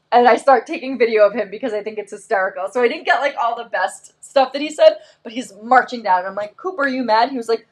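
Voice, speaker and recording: Chatty woman hosting a live stream. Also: a little high. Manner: animated storyteller, acts out quotes, lots of "like" and "um". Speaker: host of a live shopping show.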